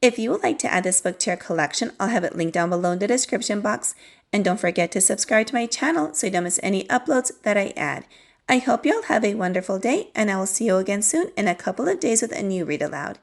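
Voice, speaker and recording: A woman's voice: medium pitch, quick pace, gravelly. Cheerful woman reading aloud to kids. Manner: cheerful, expressive. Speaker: children's book reader. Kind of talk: storybook read-aloud for children.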